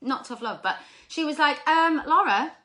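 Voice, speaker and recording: Speaking at a normal speed in a high voice, a woman gives her sales team an energetic motivational talk. She repeats her points and checks in with "okay?"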